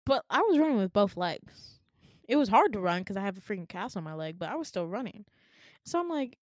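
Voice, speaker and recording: A woman's voice: medium pitch, brisk, dry recording, studio quality. Chatty young woman telling a dream story. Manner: chatty and animated, with frequent fillers and laughter. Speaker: podcast host.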